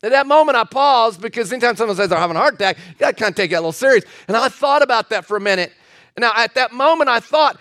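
Middle-aged male pastor, unusually high voice, earnest storyteller who trips over repeated words. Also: racing. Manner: earnest, storytelling, repeats himself when excited. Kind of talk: sermon.

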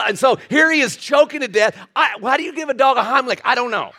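This older man preaches in a high, light voice. His sermon is folksy and full of jokes, and he trips over his words and restarts as he goes. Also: animated, fast, pushed and bright. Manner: folksy and joking, with many restarts and asides. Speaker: pastor.

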